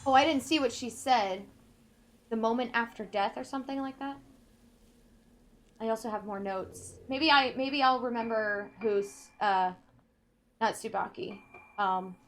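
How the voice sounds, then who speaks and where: A woman playing a video game, reading in-game notes aloud slowly and carefully, breaking off now and then to comment. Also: a little high, a bit bright, a little hiss or hum. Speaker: let's play gamer.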